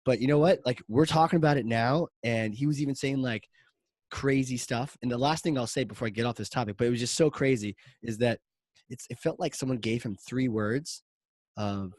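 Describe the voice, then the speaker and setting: A man's voice: medium pitch, a little fast, no echo. A man hosting a marketing podcast, telling a story in a casual, rambling way full of "like" fillers. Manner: rambling, animated, many "like" fillers.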